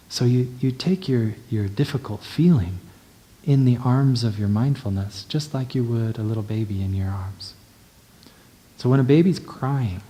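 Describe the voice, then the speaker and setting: A male meditation teacher giving a dharma talk in a gentle, unhurried way, often checking in with the listener. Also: lowish voice.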